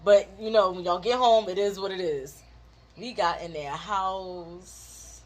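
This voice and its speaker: A woman, telling a childhood story in casual chat with her husband, animated and laughing often. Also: fairly low pitch, measured pace. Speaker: co-host of a couples channel.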